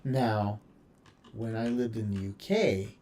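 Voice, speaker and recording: A man's voice: lowish voice, slow pace, background noise. An American man chatting casually while streaming a building game, telling rambling stories with many fillers and restarts. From United States.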